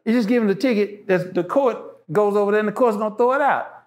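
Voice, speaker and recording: A man's voice: sits high, fast. A man, a show guest, talking passionately and emphatically, repeating phrases to drive his points home. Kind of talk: impassioned casual talk.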